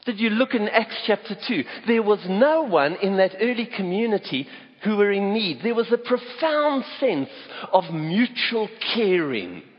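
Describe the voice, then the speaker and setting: A man's voice: high voice, very animated, unhurried. A South African man preaching a sermon in a church auditorium, telling stories and stressing key words. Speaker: pastor. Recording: echoey hall, dull lo-fi sound.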